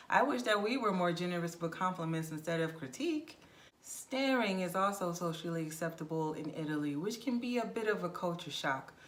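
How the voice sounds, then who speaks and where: Frank woman travel vlogger. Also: on the low side. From United States. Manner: frank, direct, animated with acted-out anecdotes. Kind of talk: casual advice monologue.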